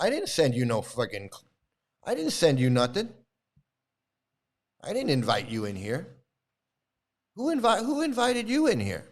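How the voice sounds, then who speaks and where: Angry, swearing man with a lively pitch. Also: normal speed, pauses often. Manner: angry, profane, confrontational. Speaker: YouTube channel host. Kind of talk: profane live-stream rant.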